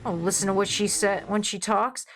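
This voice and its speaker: A woman voicing a lecherous, paranoid old male gravedigger who confides in hushed, fretful tones. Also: medium pitch, fairly even intonation, a little fast, natural voice. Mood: hushed, anxious.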